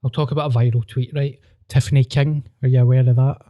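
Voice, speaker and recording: A man's voice: medium pitch, little pitch movement, quick pace, warm tone, no room sound, lo-fi sound. A Scottish man with a Glasgow accent, hosting a podcast and telling rambling, sweary stories in casual chat. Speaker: podcast host.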